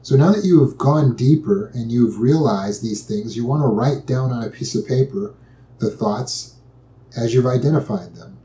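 A man with a relaxed, dark-toned voice teaches a step-by-step approach to anxiety. He is patient and calm, and he repeats his key points. The room adds a noticeable echo. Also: mid-range voice, moderate pace. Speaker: anxiety and trauma recovery teacher. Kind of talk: instructional talk. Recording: echoey room.

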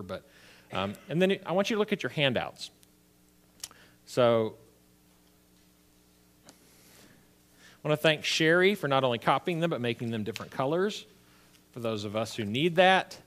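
A man's voice: mid-range voice, a bit bright. A man, a pastor, teaching a church history class in a conversational lecture style, often checking in with his listeners. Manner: conversational, checks in with "right?" and "okay?".

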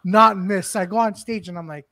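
A man's voice: sits high, normal speed, pushed and bright. A man hosting a casual podcast, telling a rambling story with lots of restarts and swearing. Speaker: podcast host. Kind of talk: casual chat.

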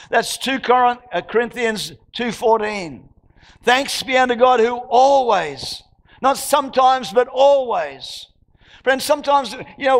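A male pastor with a very high voice preaches with fervor, repeating his phrases and throwing questions out to the congregation. His voice rings through a church hall with a long reverb tail. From Australia. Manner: emphatic preaching with repetitions and rhetorical questions. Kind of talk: sermon.

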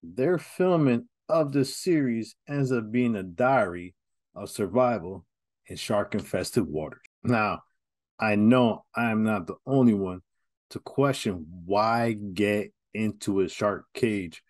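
A man hosts a laid-back horror film review, chatting candidly straight to his audience. His voice sits a touch low, and the recording is dry and close. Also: expressive, slow pace, a little mellow, dry recording. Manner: chatty, candid, direct to viewers. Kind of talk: casual review talk.

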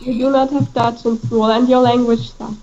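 A woman's voice: a little high, flat delivery, normal speed, a little mellow. A woman chatting bluntly and teasingly with a friend while playing a game. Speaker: gamer. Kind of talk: casual gameplay chat. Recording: dull lo-fi mic with faint noise.

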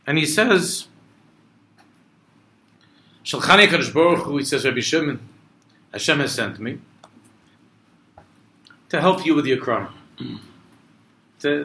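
Speaking a little slowly with long pauses, a male rabbi with an expressive, sharp-toned mid-range voice teaches a travel group a Torah text line by line. He weaves in Hebrew and Aramaic quotations and builds to impassioned emphasis; the recording is reverberant with a little hiss or hum.

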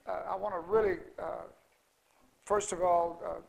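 A man's voice: high-pitched, fairly even intonation, measured pace, vocal fry, rough recording. A middle-aged man telling a rambling, folksy story at a conference, full of restarts and fillers. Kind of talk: casual storytelling talk.

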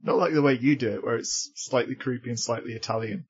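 A man co-hosting a podcast in casual chat, chatty and quick to laugh. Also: medium pitch, husky, dull audio. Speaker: podcast co-host.

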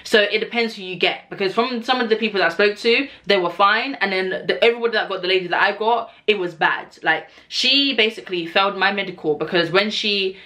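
A woman in her twenties, telling stories casually in a Q&A vlog, animated and swearing as she acts out what people said. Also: medium pitch, a little fast, hardly any pauses. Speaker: vlogger, cabin crew member. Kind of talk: casual storytelling Q&A.

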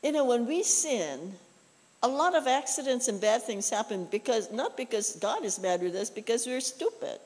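A woman's voice: a little high, expressive, moderate pace, a little mellow, big-room sound. A woman preaching a conversational sermon, telling personal stories in a folksy way with frequent "you know" asides. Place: church.

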